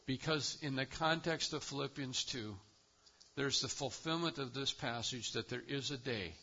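A man's voice: mid-range voice, normal speed, pushed and bright, slightly rough, muffled recording. A man preaching a sermon as pastor, with an emphatic cadence that rises and falls.

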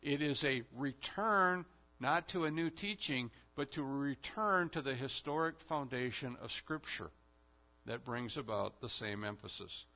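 A man preaching a sermon as pastor, in an emphatic style with sudden loud swells. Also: medium pitch, measured pace, muffled recording.

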